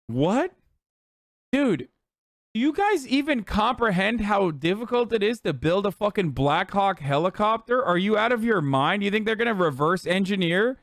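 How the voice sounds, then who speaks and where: A man's voice: high voice, big pitch swings, a bit bright, no echo, studio quality. A man streaming political commentary, swearing and sarcastic, ranting at speed. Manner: profane, sarcastic, fast rants.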